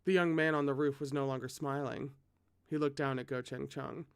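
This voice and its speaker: A reader narrating a novel aloud, expressive and breaking off for chatty asides. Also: mid-range voice, normal speed, clear, resonant tone, no room sound, clean studio sound.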